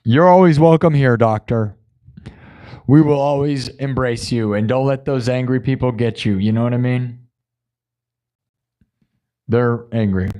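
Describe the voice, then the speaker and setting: A man's voice: medium pitch, measured pace, long pauses, mellow. A man hosting a live music stream, chatting casually with viewers, laughing often and acting out quotes.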